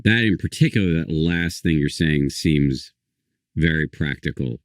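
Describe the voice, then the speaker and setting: A man with a very deep, low voice hosts an interview and reflects thoughtfully on what his guest has said. His manner is measured and calm. The recording is dry and close, with no room sound. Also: no room sound. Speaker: podcast host. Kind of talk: interview conversation.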